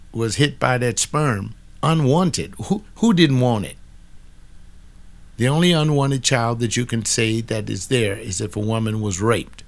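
Gravelly older man, blunt and preachy. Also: mid-range voice. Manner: blunt, preachy, talks back to an imagined listener. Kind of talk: casual spoken commentary on a book.

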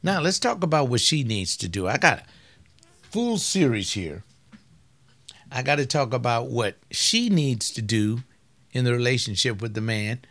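A man speaks at a middle pitch, lecturing as a marriage counselor. He is emphatic and calls out directly to the men and women he is addressing. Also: expressive, moderate pace, fairly bright tone. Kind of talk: lecture on relationships.

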